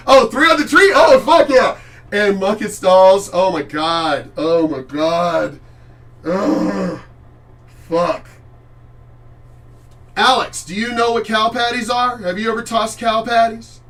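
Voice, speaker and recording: A man's voice: sits high, a bit bright, recorded from a distance. A man hosting his own channel, ranting in a casual, emphatic monologue, swearing freely and talking to a friend by name. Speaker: channel host.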